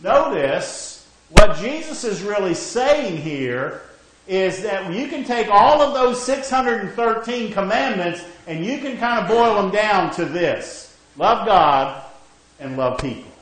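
A man's voice: sits high, lively intonation, takes it slowly, a bit bright, very echoey, low-quality recording. A man preaching a sermon, emphatic, checking in with his listeners with "okay?" as he goes. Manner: emphatic, rising and falling, frequent "okay?" check-ins.

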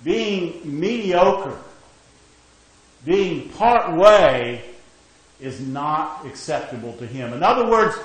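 Man, preacher, sermon, slow deliberate delivery, emphatic, very echoey room. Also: high-pitched, fairly bright tone. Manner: emphatic, rising and falling, frequent "okay?" check-ins.

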